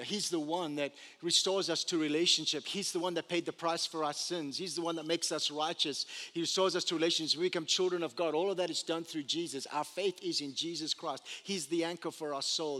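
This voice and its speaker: A man preaching a sermon as pastor, telling the story with animated energy and humorous asides. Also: fairly high pitch. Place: church sanctuary. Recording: long church hall reverb.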